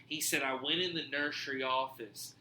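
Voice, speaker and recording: Bright-voiced man telling a wild story. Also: mid-range voice, moderate pace, reverberant, a little hiss or hum. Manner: animated, profane, acts out quoted dialogue. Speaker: podcast host. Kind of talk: casual storytelling chat.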